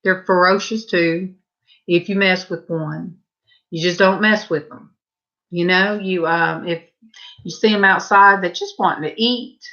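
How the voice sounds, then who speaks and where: A woman's voice: on the low side, steady tone, unhurried, sharp tone. An older woman with a Southern US accent, hosting a casual livestream and chatting with viewers in a rambling, folksy way that breaks off to answer comments. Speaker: host of a painting livestream. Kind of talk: casual chat with live viewers. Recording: dull lo-fi livestream audio.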